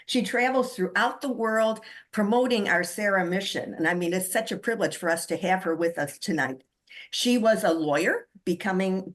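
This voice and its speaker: A woman of middling pitch hosts a video-call meeting. She introduces the speaker in a chatty, eager way, with frequent ums. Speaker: host.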